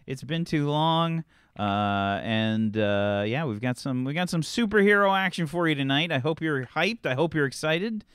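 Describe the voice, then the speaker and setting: A man's voice: fairly high pitch, expressive, moderate pace, fairly bright tone, clean tone, no room sound, clean studio sound. A man hosting and running a tabletop game, chatting casually and teasing his players with lots of laughter. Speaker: game master and host. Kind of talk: casual show intro chat.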